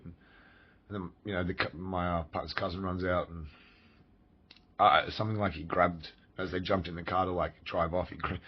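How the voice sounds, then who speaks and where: Aussie guy telling a story, swears a lot, low voice, um and like everywhere, muffled audio. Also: breathy edge. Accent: Australian. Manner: rambling, profane, frequent fillers and restarts. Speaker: vlogger telling a personal story. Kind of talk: casual storytelling monologue. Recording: dull lo-fi recording.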